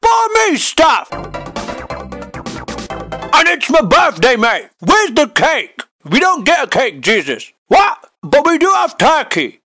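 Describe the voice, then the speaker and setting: A man doing a crude, laddish Jesus, ranting in a very high, bright voice that swoops up and down. He shouts often and drags his words out slowly, with faint music behind him. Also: huge pitch swings, exaggerated voice. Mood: indignant rant. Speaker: comedy YouTuber. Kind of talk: comedic rant sketch.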